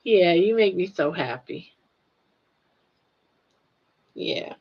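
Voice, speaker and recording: A woman's voice: on the low side, animated, very slow, slightly rough, muffled recording. An older woman hosting a casual live stream, chatting with viewers and cooing at her pet in baby talk with lots of giggles.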